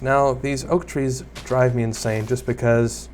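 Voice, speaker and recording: A young gaming YouTuber offers rambling, self-deprecating Let's Play commentary, chatting with viewers and on-screen creatures. His mid-range voice is flat, a little slow, and a little mellow, with slight background noise.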